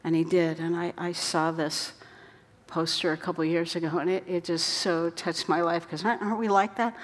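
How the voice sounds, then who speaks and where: A woman preaching a sermon in an earnest way, her voice dropping soft for quoted words. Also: fairly low pitch, fairly even intonation, moderate pace. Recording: long hall reverb.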